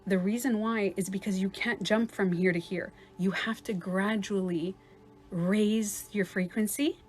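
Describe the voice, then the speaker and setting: A woman's voice: medium pitch, steady tone, measured pace. A woman life coach in a casual livestream talk, chatty and swearing at times, acting out other people's voices.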